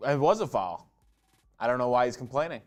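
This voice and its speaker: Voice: medium pitch, expressive, fairly quick, soft background music. A co-host chatting casually about a live game, laid-back and skeptical, laughing easily. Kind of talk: casual sports banter.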